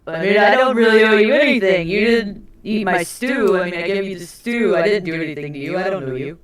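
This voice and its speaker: A woman's voice: medium pitch, a little fast, natural voice. A woman playing a wary, defensive male adventurer who indignantly denies any debt. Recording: echoey distant mic.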